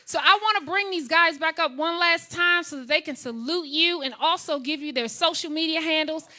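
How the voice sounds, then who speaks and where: A woman's voice: high voice, normal speed, sharp tone. A woman hosting a live comedy show, upbeat as she introduces and thanks the guests. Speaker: show host.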